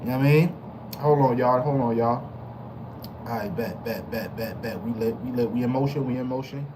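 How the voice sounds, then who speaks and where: A man with a mid-range voice hosts a casual livestream, talking a little fast over background noise. Hyped and slangy, he greets chat members by name and repeats his phrases.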